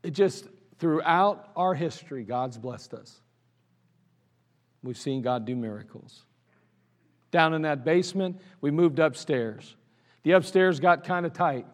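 A man with an Ohio accent, a pastor telling his church's history in an anniversary sermon, animated and laughing at his own stories. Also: fairly high pitch, measured pace, pauses often. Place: church sanctuary. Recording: church service recording with long hall reverb.

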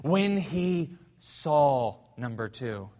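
A man preaching a sermon as pastor in a church, telling a story fervently, swinging between loud and hushed. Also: on the high side, very animated, extremely slow, in a large hall. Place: church sanctuary.

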